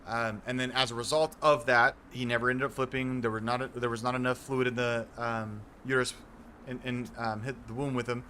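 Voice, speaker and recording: Young man, gaming streamer, bright voice, casual rambling chat, faint room hum. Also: mid-range voice, flat delivery, brisk. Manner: earnest, rambling explanations with many restarts.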